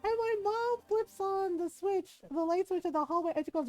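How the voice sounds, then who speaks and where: High-voiced, animated woman streamer. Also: moderate pace, dry recording, low-quality recording. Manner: animated, profane, laughing storyteller. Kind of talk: casual game stream chat and storytelling.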